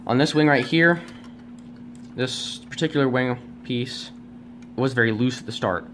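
Unhurried and a bit bright, a man with a mid-range voice records a casual toy review at home using a camera on a tripod. The talk is unscripted, rambling, and self-deprecating, full of fillers and false starts, with slight background noise.

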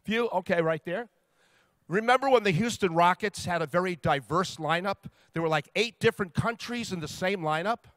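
A man on stage giving a funny talk about the athletes he has interviewed, with a slightly high, bright voice. He spins each anecdote with lively timing and lands it on a punchline. The sound is close and dry. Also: moderate pace, no echo. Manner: lively storyteller, builds to punchlines. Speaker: sports interviewer telling stories. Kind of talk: comedic speech to a live audience.

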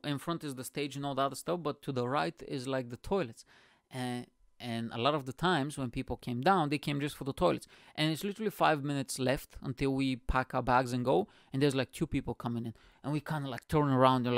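A young man telling a comedy-gig story in a casual, animated monologue, swearing and acting out the scene. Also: mid-range voice, brisk, no echo, studio quality. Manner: animated, swearing, acts out scenes with chummy slang. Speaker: stand-up comedian and podcast host.

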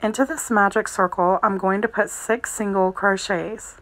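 A woman giving a calm, methodical crochet tutorial, narrating each step as she works. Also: medium pitch, moderate pace, rough recording. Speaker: crochet instructor.

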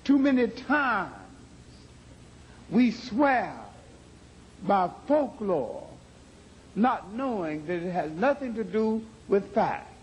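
A man with a fairly high voice speaks very slowly and deliberately, weighing every word. Faint noise and small clicks sit behind him. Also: animated, rough recording. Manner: slow, deliberate, solemn. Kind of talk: measured commentary.

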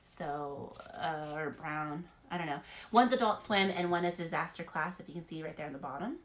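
A woman's voice: low-pitched, normal speed, slight background noise. A woman vlogger chatting casually about free beauty products, rambling with frequent fillers. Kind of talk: casual haul chat.

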